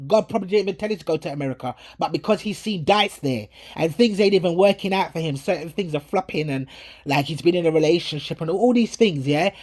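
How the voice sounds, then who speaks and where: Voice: medium pitch, quick pace, darkish tone. A preacher in England giving an earnest, preachy warning about a dream and quoting scripture, recorded on a handheld phone. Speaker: prophetic ministry preacher. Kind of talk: commenting on a dream and a played video. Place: at home in England.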